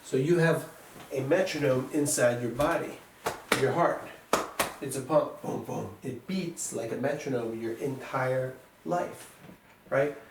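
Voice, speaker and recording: A male music teacher patiently explains beats, counting aloud and sounding out rhythms. He speaks in a middle-pitched voice from some distance off the mic. His voice rings around an echoey classroom with a faint hiss behind it. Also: unhurried.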